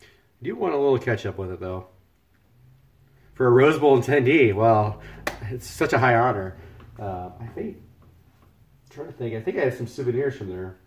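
A man's voice: mid-range voice, animated, moderate pace, pauses often. A man talking loosely and cheerfully while he cooks on a livestream. He jokes around and thanks viewers by name, with an ordinary mid-range voice. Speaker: cooking livestreamer. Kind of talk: casual live-stream chat while cooking. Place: home kitchen.

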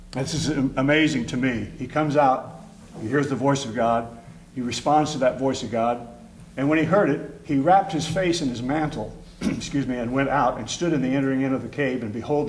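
A man's voice: medium pitch, a little mellow, slight background noise, low-quality recording. A man with a Midwestern American accent preaching a sermon as pastor, emotional and rising to fervent emphasis.

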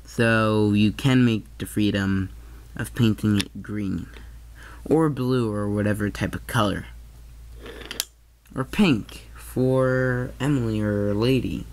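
Slow, halting man reviewing toys. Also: fairly low pitch, a little mellow, slight background noise. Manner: hesitant, halting, corrects himself often. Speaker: toy train reviewer. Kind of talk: casual product review.

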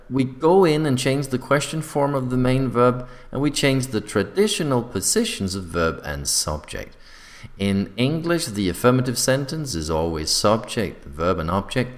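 A man teaching an English grammar lesson in a clear, deliberate way, slowing down to read out example sentences. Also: medium pitch.

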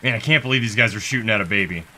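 A man giving comedic let's-play commentary as a gaming video host, goofy and sarcastic, swearing and getting excited as he plays. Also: fairly low pitch, very fast, a little hiss or hum.

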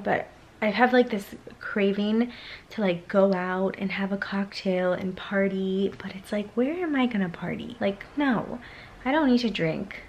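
A woman's voice: a little high, lo-fi sound. A young woman in her twenties chatting casually to the camera at home, rambling with lots of fillers. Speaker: vlogger. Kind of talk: casual vlog chat. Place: home, bedroom.

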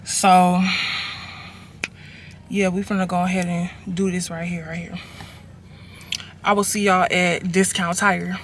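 Inside a car on the road, a young woman vlogs to her phone camera, chatting casually in a slangy, expressive way and swearing freely. Her voice is lowish, with background noise.

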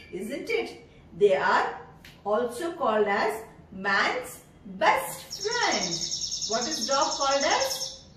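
A woman, teaching preschoolers slowly and in a sing-song way. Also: on the high side, fairly bright tone, slight background noise. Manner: sing-song, slow and drawn out, imitates animal sounds. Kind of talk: teaching young children. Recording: echoey room from far off.

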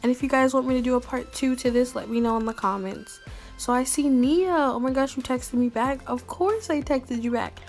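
High-ish voiced woman chatting to her fans, playful and slangy, light music in the back. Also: moderate pace. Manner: playful, slangy, upbeat, talks straight to viewers. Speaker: YouTuber replying to fan messages. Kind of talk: casual chatty vlog.

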